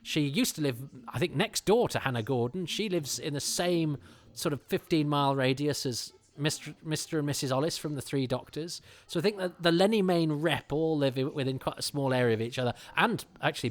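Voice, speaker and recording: A middle-aged man hosting a podcast, chatting casually in a rambling way with many restarts. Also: on the high side. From England. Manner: rambling, self-interrupting, with frequent fillers and restarts. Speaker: podcast host.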